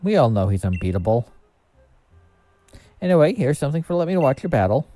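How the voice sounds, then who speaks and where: A man's voice: mid-range voice, very animated, a little fast, warm tone, faint music behind, voice pushed up, natural voice. A man voicing a genial grown man official who speaks in a breezy, cheerful, lifted voice.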